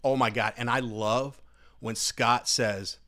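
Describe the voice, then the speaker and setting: A man's voice: medium pitch, steady tone, takes it slowly, sharp tone. A young adult man hosting a political commentary video, talking casually and mockingly straight to his viewers. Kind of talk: casual opinion commentary to camera.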